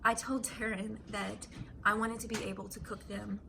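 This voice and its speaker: A woman's voice: mid-range voice, little pitch movement, creaky. Woman, home vlog, near tears, gushing, stumbling restarts, kitchen, faint noise behind. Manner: effusive, gushing gratitude, halting restarts. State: close to tears. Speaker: vlogger and wife.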